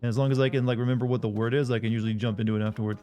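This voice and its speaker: A man's voice: mid-range voice, fairly even intonation, rapid-fire, dark tone. A man streaming a video game, talking casually and rambling with lots of self-corrections. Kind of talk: casual live-stream chat while gaming.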